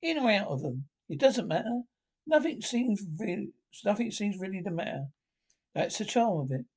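Brief: man reading as an easygoing storybook water rat, lifted higher voice, eager exclamations. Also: big pitch swings, normal speed, a little mellow, full character voice. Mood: dreamy. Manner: eager, exclaiming, raised pitch. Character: cheerful, dreamy male water rat, easygoing.

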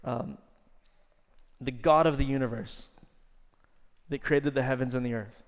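A man giving a sermon as pastor. He stretches key words for emphasis and sometimes drops to soft, intimate tones. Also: mid-range voice, moderate pace. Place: church sanctuary. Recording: long church reverb.

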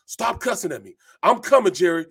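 A man voicing a devout veteran football lineman, higher and louder than his own voice, building an emphatic threat. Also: very animated, brisk, creaky, husky, full character voice. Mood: menacing.

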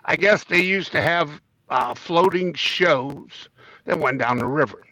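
A man co-hosting a loose, joking talk show, his voice still rough from the morning. His tone is bright and a little raised, and the sound is dry and close to the mic. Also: fairly high pitch, unhurried, dry recording, poor audio. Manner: joking, reads trivia aloud with stumbles. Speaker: podcast co-host. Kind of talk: casual chat.

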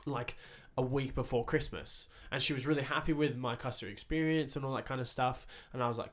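A young man, hosting a casual podcast chat and telling animated stories about his retail days, swearing freely as he goes. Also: mid-range voice, a little fast. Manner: animated storytelling, swears freely, acts out quoted voices. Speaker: podcast host.

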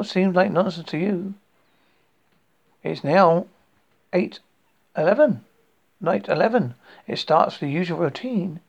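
A man's voice: on the high side, creaky, a little mellow. A man in his late fifties, reading his own story aloud as a horror podcast host, rambling with jokey asides and frequent restarts. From United Kingdom. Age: 50s. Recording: dull lo-fi recording.

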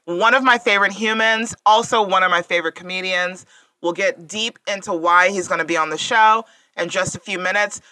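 Woman cohost, bright voice, joking around, laughs a bunch, dry mic. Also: mid-range voice, fairly quick, dry recording, rough recording. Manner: playful, teasing, laughs often. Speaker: podcast co-host. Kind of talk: casual chat.

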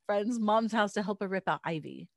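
Soft-spoken woman from Oregon, dry sound. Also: medium pitch, moderate pace, vocal fry, no room sound. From Oregon, USA. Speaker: podcast co-host. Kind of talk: casual chat.

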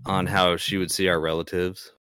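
On a podcast, a young male guest tells a ghost story casually, rambling, hesitating and restarting often. His voice sits low, with a level, sharp, clean tone at normal speed. The recording is dry with clean studio sound.

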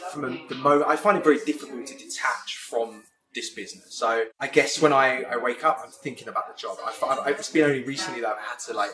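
A man's voice: medium pitch, fast, a crowd in the background. A man in his thirties with a mixed Southern and Northern English accent, chatting casually as a business partner in a rambling, self-deprecating way. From England. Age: 30s. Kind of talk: casual chat. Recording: echoey room, loud music behind.

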